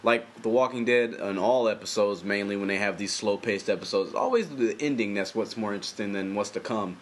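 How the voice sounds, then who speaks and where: A man's voice: fairly low pitch, fairly quick, slight background noise. A young man casually recapping a TV episode in loose, profane, rambling commentary full of slang. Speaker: TV episode reviewer.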